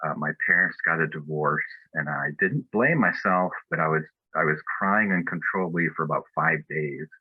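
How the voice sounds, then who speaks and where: A man's voice: extremely low pitch, moderate pace, slightly rough, no room sound, phone-quality sound. A man giving a personal testimony at a spiritual fellowship, telling his story in an earnest, reflective way.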